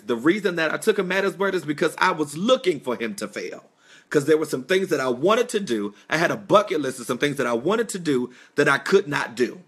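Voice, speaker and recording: A man's voice: a little high, fairly bright tone, slightly rough. A young man preaching a sermon on a live stream, telling a personal testimony with fervent, swelling emphasis and casual asides. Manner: impassioned, rising and falling emphasis, conversational asides. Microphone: phone or webcam live stream.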